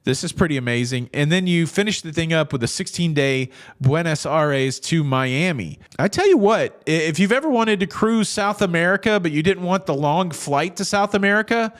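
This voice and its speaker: Middle-aged guy doing cruise news commentary, kinda high voice, rambly and jokey. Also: lively intonation, moderate pace, hardly any pauses. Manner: chatty, rambling, self-interrupting with jokey asides. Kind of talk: casual commentary.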